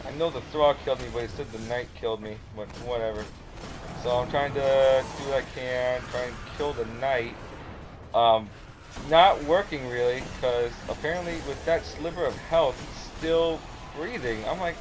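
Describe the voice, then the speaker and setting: A man talking loosely through a replay of his own game, narrating each move in a rambling, chatty way. His pitch sits in the ordinary middle range. The game's sound effects run clearly underneath him. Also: moderate pace, background noise. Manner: casual, rambling, play-by-play. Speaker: gamer, channel host. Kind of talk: gameplay commentary voice-over.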